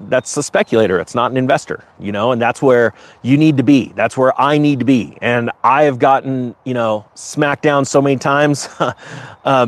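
Man, casual livestream rant, sarcastic, rambling, restarts, excited pitch jumps, dry close mic. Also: no echo. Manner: animated, sarcastic, rising to high excited pitch. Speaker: crypto market livestream host.

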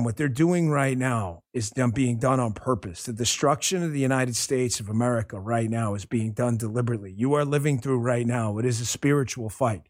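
A man's voice: mid-range voice, no echo, studio quality. A man hosting his own talk show, delivering a passionate, blunt monologue with casual swearing. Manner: impassioned, blunt, swears freely. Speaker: show host.

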